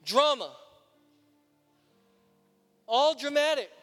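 A male preacher delivering an emphatic, repetitive sermon that builds to shouts. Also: very high-pitched, very animated, very slow. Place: church sanctuary. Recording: long church reverb with music.

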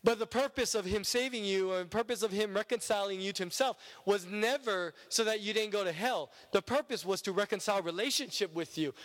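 A man delivering a sermon in a high voice that carries through a big reverberant hall. He preaches emphatically, swelling up and then sinking to a hushed low tone. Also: brisk, hardly any pauses.

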